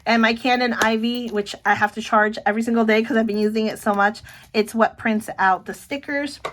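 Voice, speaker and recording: A middle-aged woman chatting casually about her planner, excitable, often breaking off to say look. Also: fairly high pitch, fairly quick, a little hiss or hum. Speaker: planner vlogger. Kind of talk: casual show-and-tell chat.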